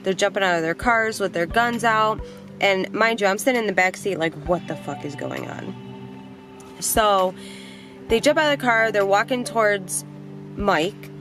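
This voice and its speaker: A young woman tells a story from her own life on her vlog, in a voice of middling pitch. She talks plainly and bluntly and swears without a second thought. Faint music plays behind her. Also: moderate pace. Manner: animated, blunt, swears freely. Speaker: vlogger.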